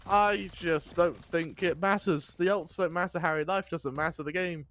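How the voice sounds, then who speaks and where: A man giving color commentary on an esports match, jokey with deadpan asides and frequent laughter. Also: high voice, normal speed, a little hiss or hum. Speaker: esports co-caster.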